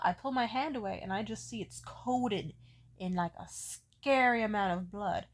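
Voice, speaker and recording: Profane, animated young woman telling a story. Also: a little high, moderate pace. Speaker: vlogger. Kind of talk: casual storytime.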